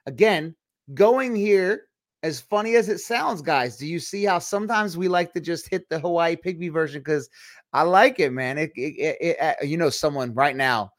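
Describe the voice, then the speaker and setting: A man hosting a Christian livestream show, talking in a chatty, rambling way with quick asides. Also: on the high side, no echo, clean studio sound. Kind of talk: casual livestream chat.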